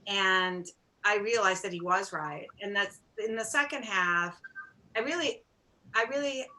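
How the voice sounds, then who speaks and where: A middle-aged woman, a singer-songwriter guest, telling stories in a casual interview in an animated, self-deprecating way, acting out bits of dialogue. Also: mid-range voice, unhurried, poor audio. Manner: animated, acts out quoted dialogue.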